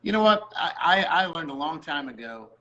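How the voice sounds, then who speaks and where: Middle-aged male producer, storyteller who does the other people's voices, fairly high for a man. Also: expressive, moderate pace, bright, forceful tone, muffled recording. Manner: storytelling, acts out quoted voices. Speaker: music producer. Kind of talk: casual faith talk.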